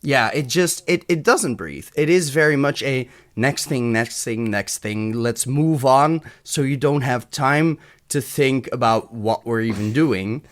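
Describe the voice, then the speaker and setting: A man from Europe co-hosting a podcast, picking apart a film in loose, casual talk. He is frank and sardonic and swears freely, with a voice of ordinary middle pitch. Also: a little slow, hardly any pauses. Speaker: podcast co-host. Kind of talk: casual film review chat.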